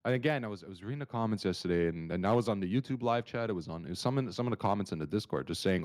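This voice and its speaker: A man co-hosting a market analysis livestream, talking in an animated, rambling way with many restarts. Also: on the low side, fast. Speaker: market analyst stream co-host. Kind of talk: casual livestream chat.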